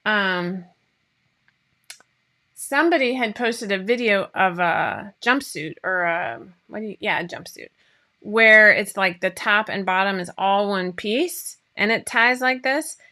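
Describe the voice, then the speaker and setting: Woman, thirties, bright tone, bubbly rambling host, casual live-stream chat. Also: medium pitch, a little slow. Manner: chatty, bubbly, rambling with many fillers. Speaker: host of a sewing pattern company show.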